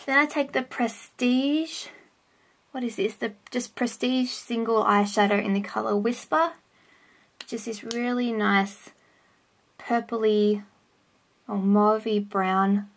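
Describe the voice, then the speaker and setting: A woman's voice: fairly high pitch, fairly even intonation, slow pace, pauses often. A young woman chatting casually through a makeup tutorial vlog at home, rambling and correcting herself as she goes. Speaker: vlogger. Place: home, indoors. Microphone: camera on a stand close by.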